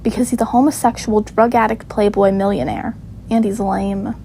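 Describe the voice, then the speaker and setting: A woman voicing a rude, sharp-tongued mother at a funeral, blunt and snappy in her replies. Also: mid-range voice, steady tone, moderate pace, vocal fry, a little hiss or hum, lightly acted. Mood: snippy.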